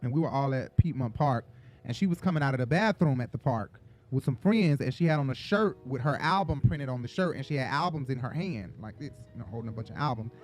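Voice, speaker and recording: A man from Atlanta hosting a gossip show, telling stories in a sassy, profane, animated way. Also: medium pitch, quick pace, faint music behind. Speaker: show host. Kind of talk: casual gossip commentary.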